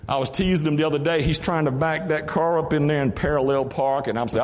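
A man's voice: fairly high pitch, fast, hardly any pauses, slight background noise. A middle-aged man with a Southern American accent preaching a sermon as pastor, in a folksy, preacherly way, calling out "Amen?" to the congregation. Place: church sanctuary. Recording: church hall with long reverb.

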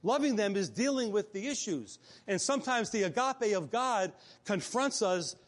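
A man's voice: high-pitched, very animated, normal speed. A man preaching a conversational sermon, often restarting phrases and acting out quotes. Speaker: pastor.

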